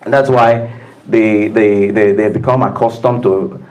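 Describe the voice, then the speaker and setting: A man's voice: fairly low pitch, steady tone, unhurried, a little mellow, low-quality recording. A man giving an emphatic, preacher-like talk to a live audience in a room, calling out to the listeners. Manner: emphatic preacher-like delivery with audience call-outs. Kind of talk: motivational talk to staff.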